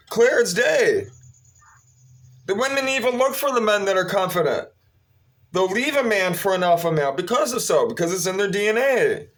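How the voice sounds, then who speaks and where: A man's voice: sits high, fairly bright tone. A man giving a preachy religious monologue, repeating phrases for emphasis.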